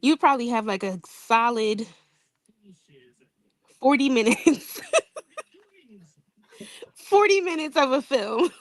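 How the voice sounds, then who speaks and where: A woman co-hosting a casual film review chat, unhurried and teasing, laughing often. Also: fairly high pitch, animated, dry recording.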